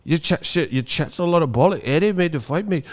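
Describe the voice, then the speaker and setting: A man's voice: a little high, animated, fairly quick, pitched above the performer's own voice, close to an everyday voice. A man putting on a mocking voice of a British boxing fan, with an exaggerated put-on British accent and sing-song delivery.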